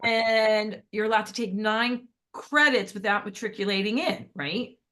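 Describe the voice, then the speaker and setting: Woman in her 50s, podcast guest, animated and chatty, acts out quotes. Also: mid-range voice, unhurried. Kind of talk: casual storytelling.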